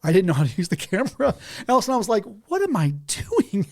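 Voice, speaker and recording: A man's voice: high-pitched, racing. A man as a podcast guest in a house, telling stories animatedly and laughing between sentences. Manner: animated storytelling, often laughing mid-sentence. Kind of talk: casual conversation.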